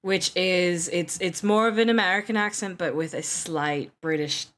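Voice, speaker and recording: A chatty woman streamer with a fairly low voice. She jokes around easily and runs on into long explanations as she plays. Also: normal speed, fairly bright tone. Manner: chatty, jokey, laughs often, explains things at length. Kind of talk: casual chat while playing a game live.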